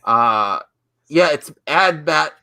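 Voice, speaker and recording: Male host, animated and bright, chatty with laughs in his stories. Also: fairly high pitch, extremely slow, vocal fry. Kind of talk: casual podcast chat.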